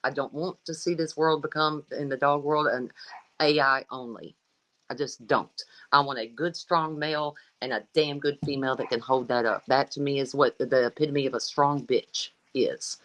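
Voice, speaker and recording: A woman's voice: rumbling low, fairly even intonation, moderate pace, rough recording. A middle-aged woman dog breeder in a casual interview, talking in a blunt, folksy way and swearing freely.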